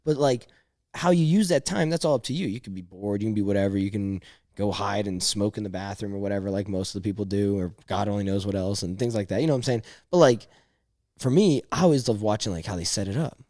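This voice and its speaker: A man's voice: on the low side, fast talker, no room sound, clean studio sound. A man talking as a podcast guest in casual chat, rambling through stories and saying dude and bro a lot. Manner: rambling, animated storyteller, says dude and bro.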